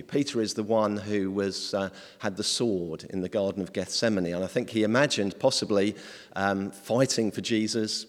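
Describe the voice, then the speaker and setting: A man's voice: on the low side, moderate pace, long reverb tail. A man preaching an informal sermon in a conversational, hesitant way, with many ums.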